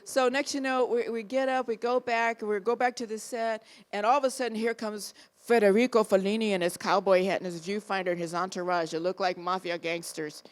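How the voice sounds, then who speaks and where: A woman guest at a film Q&A, telling an animated anecdote and acting out the people in it. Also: mid-range voice, brisk, few pauses. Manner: lively storyteller who acts out the people in her story.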